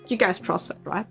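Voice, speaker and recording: A woman's voice: fairly low pitch, vocal fry, fairly bright tone. A woman streamer chatting casually with her viewers in a giggly, playful, teasing manner. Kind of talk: casual live-stream chat.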